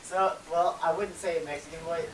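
A man's voice: fairly high pitch, steady tone, brisk. A young man chatting while playing a video game, joking, laughing and often slipping into silly voices. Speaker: gaming commentator. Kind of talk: casual gaming chat. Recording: echoey distant mic with noise.

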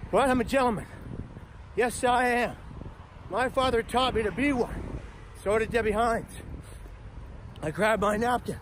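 A man speaker telling a comedic personal story in a punchy, animated way with profane asides. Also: very high-pitched, measured pace, pauses often, slight background noise. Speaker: motivational speaker.

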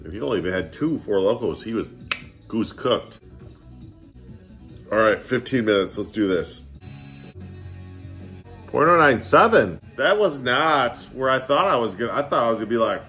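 A man's voice: medium pitch, lively intonation, normal speed, long pauses, pushed and bright, soft background music. A man casually reviewing beers in his living room, joking around and a bit tipsy with a slight slur. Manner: chatty, joking, getting tipsy and slurring. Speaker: beer vlogger. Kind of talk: casual beer tasting vlog.

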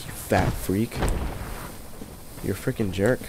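A man's voice: mid-range voice, moderate pace, music in the background. A man commentating a video game while sick, keeping his voice down and trash-talking the enemies in exasperation. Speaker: let's play commentator. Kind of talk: gameplay commentary.

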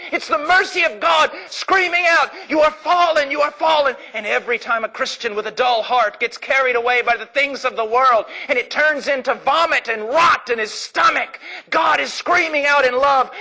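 A middle-aged man from Illinois preaching a sermon, swinging from fervent shouting to low, intense speech. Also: rough recording. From Illinois, United States.

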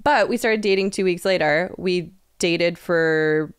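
A woman's voice: fairly low pitch, measured pace, clear, resonant tone, dry recording, studio quality. A woman in her thirties co-hosting a casual podcast, talking candidly and acting out quoted dialogue. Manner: candid, laughing, quotes people in retold dialogue. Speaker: podcast co-host.

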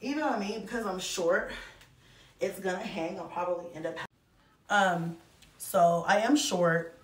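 A woman's voice: on the low side, measured pace, distant mic. An effusive woman in her thirties chats to camera about a shopping haul, calling out to viewers as y'all. Her voice bounces around an echoey room and sits a little back from the mic. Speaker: vlogger reviewing a shopping haul. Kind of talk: casual chat to camera.

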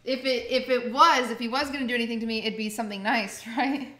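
A woman's voice: on the high side, fairly even intonation, fast, sharp tone. A woman streaming herself cooking, chatting casually and giggling as she talks through each step. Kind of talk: casual chat while cooking. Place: home kitchen. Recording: echoey room, faint background music.

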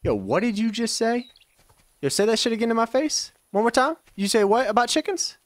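A man's voice: extremely high pitch, big pitch swings, brisk, dry recording. A man giving loose let's-play commentary, trash-talking and cursing at the characters in a video game. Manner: brash profane trash talk at game characters. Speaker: gaming YouTuber.

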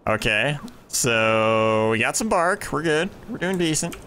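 A young man giving excitable let's play commentary, thinking aloud and exclaiming as he plays at home on a desk mic. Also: medium pitch, measured pace. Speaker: gaming YouTuber.

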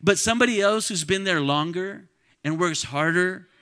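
High, bright-voiced preaching man. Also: moderate pace. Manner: call-and-response preaching, swings from quiet to shouting. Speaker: pastor. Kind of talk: sermon. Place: church sanctuary.

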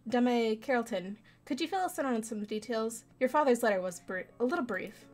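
A woman's voice: a little high, expressive, fairly quick, a little mellow, soft background music, natural voice. A woman reading the lines of an earnest male bird attorney in a game, reading them aloud in a plain voice. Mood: formal. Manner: reads game dialogue aloud.

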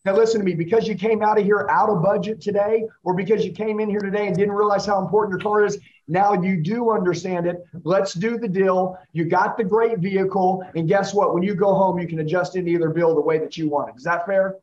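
A man's voice: sits high, fairly even intonation, a little fast, darkish tone, dull audio. A man running a live sales training, coaching a trainee with intense, repetitive questions. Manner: intense, coaching, repeats the listener's name.

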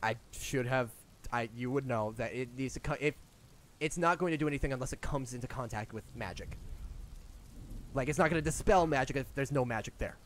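A man's voice: medium pitch, a little fast, a little hiss or hum. A man running a tabletop game as game master, narrating casually with restarts and spoken sound effects.

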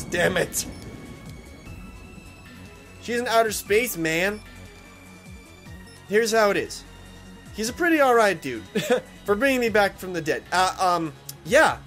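A man hosting a let's play, excitable and swearing as he trash-talks the game's bosses. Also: sits high. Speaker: gaming channel host.

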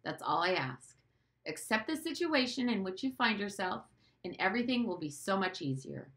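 A woman's voice: mid-range voice, very animated, pitched above the performer's own voice. A woman reading as a cold, stern father. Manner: measured, quiet, authoritative. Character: stern, cold middle-aged father, quietly commanding.

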